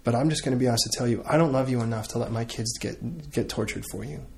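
A middle-aged man preaching a sermon and leading a closing prayer, in an earnest, conversational way with frequent pauses and restarts. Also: medium pitch, creaky. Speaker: pastor.

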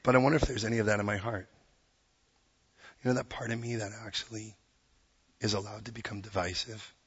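A man preaching a sermon, earnest and plain-spoken, quoting scripture and acting out quick voices. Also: lowish voice, fairly even intonation, fairly bright tone, husky, in a large hall, dull audio.

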